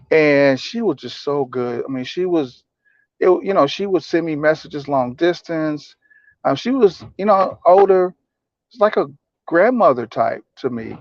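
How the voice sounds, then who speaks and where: Soft-spoken halting man, low pace. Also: no echo, highs cut off. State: tearful at times. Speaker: advocate sharing personal memories. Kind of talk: personal reflective talk. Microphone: personal mic.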